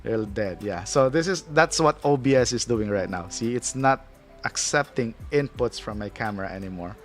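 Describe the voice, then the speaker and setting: A chatty man hosts a relaxed livestream at a mid pitch, talking loosely, reading viewer comments aloud and laughing often. A faint bed of music plays under his voice. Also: moderate pace. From Philippines. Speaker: livestream host. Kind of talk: casual live chat.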